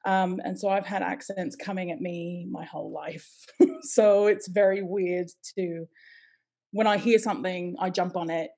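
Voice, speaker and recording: Woman, from Hawaii, podcast guest, chatty, animated, laughs often. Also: on the low side, measured pace. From Hawaii, United States. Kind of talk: casual interview chat.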